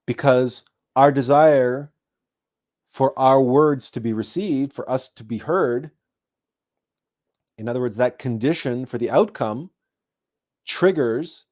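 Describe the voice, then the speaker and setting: A man hosting a spiritual talk show, speaking in a monologue that grows animated as he acts out imagined people. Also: medium pitch, takes it slowly, long pauses. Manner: animated storytelling, acting out imagined people in raised voices. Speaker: host.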